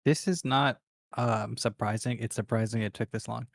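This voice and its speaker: A man's voice: medium pitch, fairly even intonation, normal speed, gravelly, dry recording. A man co-hosting a stream, chatting casually with dry, matter-of-fact remarks. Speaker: stream co-host. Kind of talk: casual commentary chat.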